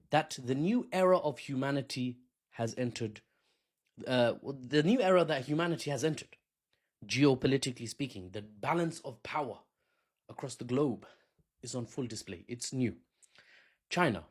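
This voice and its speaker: A man hosting a casual solo news commentary, jokey and chatty, who wanders into asides. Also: medium pitch. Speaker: commentary host.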